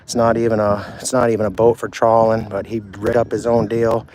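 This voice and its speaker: A man's voice: on the low side, flat delivery, a little fast, crowd noise. Chatty man live-streaming at a harbor. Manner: loose, chatty, swears freely. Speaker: vlogger walking a harbor. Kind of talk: casual live-stream chat. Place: outdoors at a harbor dock.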